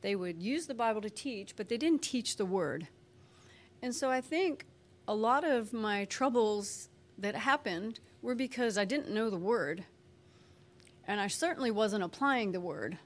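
A woman giving a conversational personal testimony in a chatty, folksy way, full of "you know" and "like", sometimes acting out quoted voices with lively energy. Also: mid-range voice, a little slow. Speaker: speaker sharing her faith testimony.

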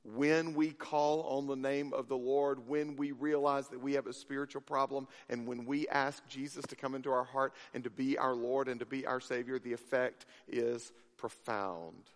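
A man's voice: mid-range voice, steady tone, normal speed, few pauses. A man preaching a sermon, telling a story with acted-out voices, then dropping to a near whisper for emphasis. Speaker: pastor. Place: church sanctuary. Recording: reverberant sanctuary.

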